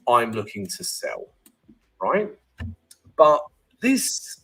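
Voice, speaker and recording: A man's voice: mid-range voice, husky. A man hosting a live trading stream, teaching in a chatty way, keeps checking in with "right?" and greeting viewers by name.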